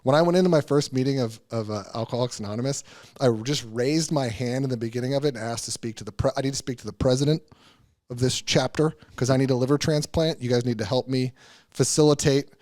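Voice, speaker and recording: A man's voice: mid-range voice, fast, a little mellow. A man as a podcast guest, telling a personal story in a candid, earnest way, often restarting his sentences and swearing casually.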